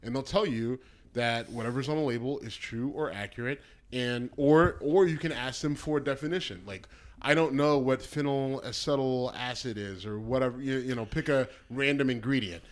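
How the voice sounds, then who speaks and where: A man's voice: medium pitch, moderate pace. A man co-hosting a casual podcast, talking bluntly and throwing in crude jokes. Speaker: podcast co-host. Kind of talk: casual chat.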